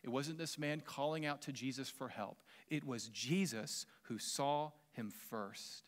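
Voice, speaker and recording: A man with a Southern American accent delivers a sermon in an easygoing, conversational tone. He speaks at a middle pitch, addresses the congregation directly, and mixes in light humor. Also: a little slow. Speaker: pastor.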